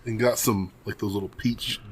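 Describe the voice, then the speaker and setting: A man's voice: on the low side, steady tone, moderate pace, a crowd in the background. A man co-hosting a podcast, telling a dry, self-mocking anecdote in casual chat. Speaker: podcast co-host.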